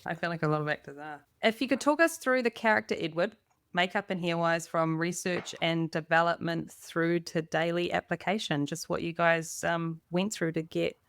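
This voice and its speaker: A woman's voice: lowish voice, fairly even intonation, moderate pace, clean tone, no echo. A woman hosting a podcast, asking guests questions in an upbeat, encouraging way. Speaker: podcast host. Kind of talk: casual interview.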